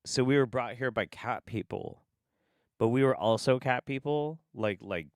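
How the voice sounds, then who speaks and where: A man's voice: medium pitch, normal speed, dry recording, clean studio sound. A man streaming casual commentary on clips, sarcastic and profane, often laughing.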